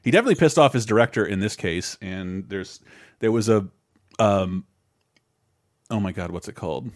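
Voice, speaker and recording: A man's voice: fairly low pitch, animated, moderate pace, no echo, clean studio sound. A man in his thirties co-hosting a podcast in casual chat, rambling and swearing with many restarts. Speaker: podcast co-host.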